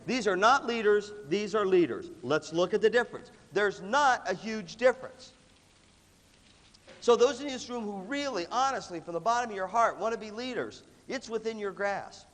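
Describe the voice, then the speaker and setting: A man giving an animated motivational leadership talk to music students, emphatic and punchy, with a cough that breaks in now and then. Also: high voice, moderate pace. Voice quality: lively, emphatic delivery with repeated punchy phrases. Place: large hall with an audience. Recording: long reverb of a large hall.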